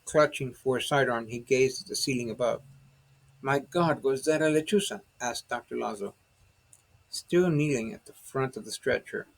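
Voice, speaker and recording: A man narrating his own novel as an audiobook, in steady dramatic storytelling. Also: medium pitch, vocal fry, rough recording.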